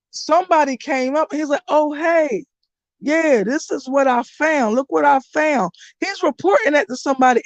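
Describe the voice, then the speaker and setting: A woman's voice: fairly high pitch, dry recording. Blunt, rambling woman in casual chat. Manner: loses track of names, restarts. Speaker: channel host recapping a soap opera.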